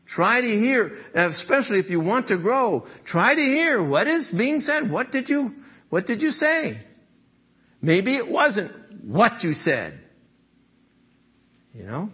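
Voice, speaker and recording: A man's voice: high voice, sing-song, slow pace, slightly rough, muffled recording. A man preaching a sermon in a conversational way, often checking in with "okay?" and "right?" and chuckling as he talks. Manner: chuckles often while speaking. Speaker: pastor.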